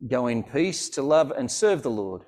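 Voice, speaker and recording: A man leading an online church service, speaking in a slow, earnest pastoral way from a church. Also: mid-range voice, sing-song, a little mellow.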